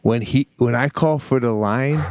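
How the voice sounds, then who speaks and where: A middle-aged man, a comedian co-hosting a podcast, telling a story with animated energy and acting out the dialogue. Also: medium pitch, no room sound, clean studio sound. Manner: animated, acts out dialogue, fast bursts. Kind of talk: comic storytelling.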